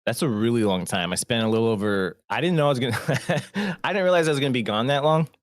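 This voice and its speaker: Podcast co-host, male, rambling storyteller, lively pitch, dry close sound. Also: fast talker, dry recording. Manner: laughs a lot, rambling storyteller. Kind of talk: casual chat.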